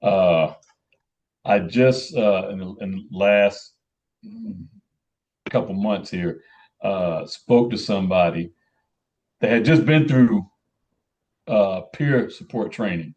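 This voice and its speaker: A man on a podcast talking haltingly, repeating words and filling pauses with uh while he tells about peer support calls. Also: on the low side, sing-song, creaky, darkish tone. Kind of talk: casual podcast chat. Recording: muffled, dull-sounding mic.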